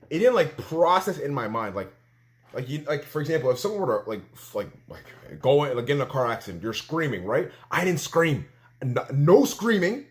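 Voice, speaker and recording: A young man from Canada telling a story in a casual vlog, animated and full of fillers, acting out what he said at the time. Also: on the high side. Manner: animated storytelling, filler-heavy, acts out his own quotes. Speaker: vlogger.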